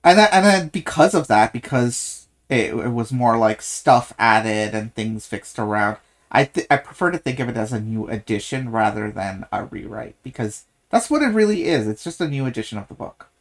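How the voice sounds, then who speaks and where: Casting: podcast co-host who keeps restarting sentences, mid-pitched, casual book chat. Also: lively intonation. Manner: halting, many restarts and self-corrections.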